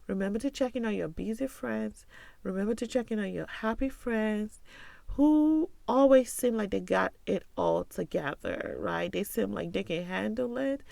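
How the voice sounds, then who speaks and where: A woman's voice: mid-range voice, moderate pace, gravelly, mellow, dry recording. A woman hosting a podcast, talking candidly and earnestly in a confiding way, often checking in with "right?" and "you know". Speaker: podcast host.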